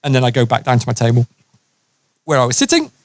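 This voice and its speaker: On a podcast, a man with a mid-range voice rattles through a funny story at a quick pace, lively and animated. He voices the characters himself and laughs a lot, with no echo in the recording.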